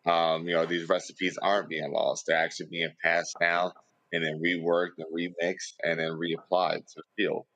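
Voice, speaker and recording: Man with a very deep, flat voice. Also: moderate pace, dry recording. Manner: relaxed and conversational, with frequent "um" and "you know". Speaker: panelist. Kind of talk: casual panel discussion.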